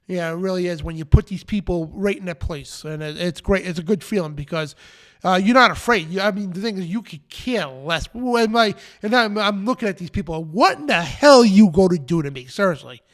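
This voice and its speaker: A man's voice: high voice, a little fast, fairly bright tone. A man hosting a live show, preaching in an emphatic, defiant rant and repeating his phrases. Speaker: show host.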